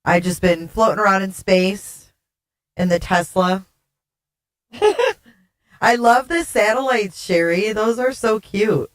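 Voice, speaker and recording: A woman's voice: mid-range voice, takes it slowly, pauses often. Woman streamer with a glitchy alien-sounding voice changer. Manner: giggly, flustered, swears casually. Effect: glitchy voice changer making her sound alien. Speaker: livestream host. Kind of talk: casual livestream chat with viewers. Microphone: desktop streaming mic.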